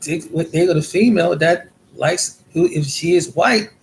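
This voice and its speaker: A man's voice: a little high, a little slow, vocal fry, slight background noise. A man from the United States talking in a casual monologue, rambling and repeating words as he tells his experiences. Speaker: vlogger.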